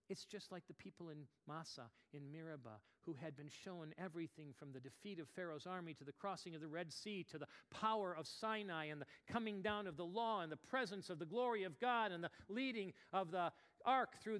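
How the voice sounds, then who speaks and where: A male preacher delivers a sermon in a bright, fairly high voice. He swings dramatically between near-whispers and loud bursts. His words ring out with a long hall reverb. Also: normal speed. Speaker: pastor.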